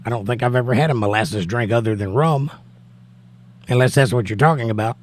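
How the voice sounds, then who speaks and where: A man's voice: medium pitch, fairly quick. Wry, chatty male livestream host. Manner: chatty, wry, reads viewer comments aloud. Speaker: livestream host reading chat. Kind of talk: casual chat.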